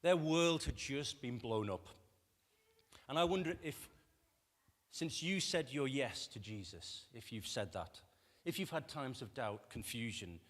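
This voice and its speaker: A pastor with a medium-pitched voice preaches a sermon a little slowly, in a conversational style, putting rhetorical questions to his congregation. He acts out quoted voices with lively shifts, and the recording carries the long reverb of a church hall.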